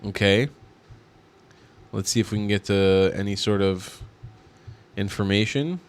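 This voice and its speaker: A man's voice: fairly low pitch, a little slow, clear, resonant tone. A man giving indignant, mocking reaction commentary on video clips.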